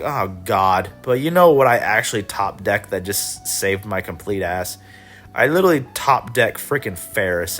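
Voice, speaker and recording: A man casually recapping his card game tournament rounds, laid-back and swearing, coughing and clearing his throat now and then. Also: lowish voice, a bit bright. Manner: laid-back, profane, chuckling, mock voices of opponents.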